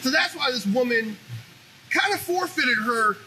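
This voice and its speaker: Male commentary host with a strikingly high, cutting voice, delivering a fired-up, foul-mouthed monologue. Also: unhurried, a little hiss or hum, rough recording. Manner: animated, profane, ranting. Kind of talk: opinionated monologue.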